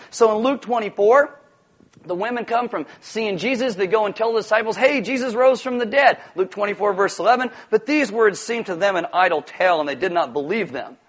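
Animated high-voiced male pastor. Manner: animated, jokey, acts out voices. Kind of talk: sermon.

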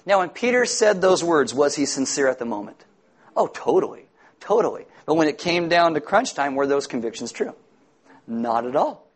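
A middle-aged man preaching a sermon to a congregation as pastor, in a lively, joking manner that acts out the voices he quotes. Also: on the high side, brisk, breathy edge. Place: church sanctuary before a congregation.

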